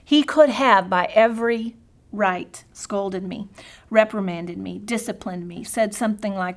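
A middle-aged woman teaching a devotional lesson at a mid pitch, earnest and heartfelt. She often drops to soft, near-whispered tones for prayers and scripture, then lifts again to press her point. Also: a little slow. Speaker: Bible teacher.

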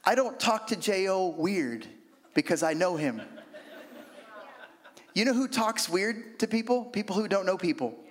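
A man preaching a sermon in an animated, conversational way, with humorous asides. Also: high voice, unhurried, long pauses. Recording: long hall reverb.

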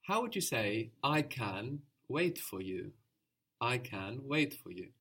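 A man's voice: mid-range voice, big pitch swings, takes it slowly, a bit bright, slightly rough. Patient man teaching a language lesson. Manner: patient, encouraging, explains step by step.

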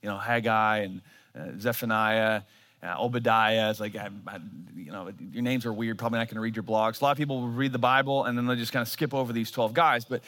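A man's voice: fairly low pitch, fairly even intonation, quick pace, fairly bright tone. A man in his thirties, a pastor, preaching a sermon in a church and telling a self-mocking story.

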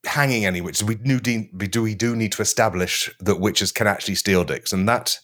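A man's voice: lowish voice, fairly quick, fairly bright tone. A man hosting a comedy podcast, joking and reading old passages aloud with mock gravity. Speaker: podcast host reading a historical text.

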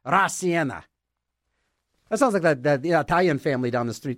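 Lively high-voiced rambling male host. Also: a little fast, dry recording, clean studio sound. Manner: playful, self-mocking, trips over words and repeats them; talks to himself in back-and-forth mock dialogue. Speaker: radio show host. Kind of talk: rambling comic monologue.

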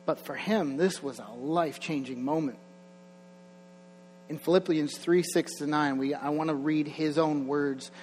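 A young man preaching a sermon in a church, conversational, with chuckling asides and rising energy. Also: fairly high pitch. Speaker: pastor. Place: church sanctuary. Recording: long hall reverb, faint mains hum.

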